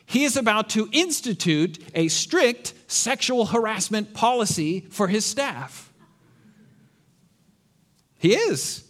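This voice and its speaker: A man's voice: high voice, big pitch swings, slow pace, pauses often, a bit bright. A man preaching a sermon, with rhetorical questions and dry sarcastic asides. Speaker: pastor.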